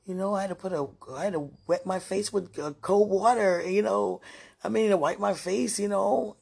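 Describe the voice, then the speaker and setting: Emotional woman podcaster, husky and gravelly tone, flat pitch, sighs and whispers through a personal message. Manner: emotional, sighing, breathy at times, halting with many fillers.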